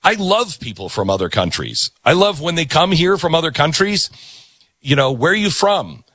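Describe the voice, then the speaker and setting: A male talk show host delivering an animated opinion monologue, sarcastically acting out quoted voices. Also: fairly high pitch, normal speed, husky, no room sound, studio quality.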